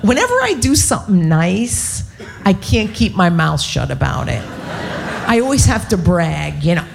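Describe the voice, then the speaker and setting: A woman's voice: lowish voice, big pitch swings, moderate pace, creaky, noisy background. A woman doing a stand-up comedy set on stage, brash, profane and punchy. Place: on stage at a live show.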